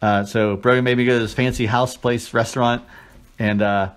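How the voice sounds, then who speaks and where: A man's voice: mid-range voice, level tone, moderate pace. A man in casual chat as podcast co-host, telling a story with crude jokes and put-on voices.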